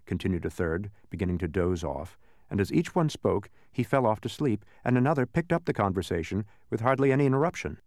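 A man reading a storybook aloud in an expressive narration that slows down for effect. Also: on the low side, dry recording, clean studio sound.

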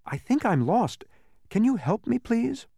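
A man's voice: very high voice, big pitch swings, unhurried, vocal fry, warm tone, breathy edge, no room sound, clean studio sound, voice pushed up, exaggerated voice. A man voicing a puzzled, earnest young boy who has lost his way in a storybook.

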